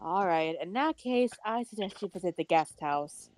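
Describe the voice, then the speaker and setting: Woman voicing a relaxed grown-up game girl: low, calm, easygoing, unhurried. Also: dry recording, close to an everyday voice. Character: mature, chill, fun-loving young woman. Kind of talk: fan voice acting over a game.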